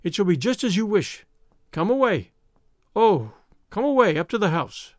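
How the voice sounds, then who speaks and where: A man's voice: high-pitched, sing-song, moderate pace, no echo, clean studio sound. A man voicing a frightened young wife, breathless and imploring, in an audiobook reading. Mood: relieved. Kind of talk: audiobook character voice.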